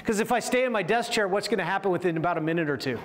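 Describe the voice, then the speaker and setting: A man with a fairly high voice teaches a communication course to officers and senior leaders. He keeps the room engaged with constant rhetorical questions and checks like "right?". His voice carries a long reverb from a large hall. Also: rapid-fire. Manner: lively, asks the audience frequent rhetorical questions. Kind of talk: leadership training talk to military officers.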